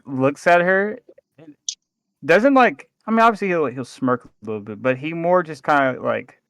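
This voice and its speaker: A man's voice: on the high side, normal speed, smooth, no echo. A man describing what his character does in a tabletop role-playing game. His voice swings widely. He sounds dry and close. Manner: animated, laughing. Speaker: player.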